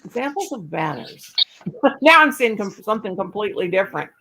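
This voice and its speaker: Chatty, lively woman with a creaky voice. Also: medium pitch, fairly quick. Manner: chatty, thinking aloud while troubleshooting. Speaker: livestream host. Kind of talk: casual livestream chat. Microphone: laptop or phone mic on a live call.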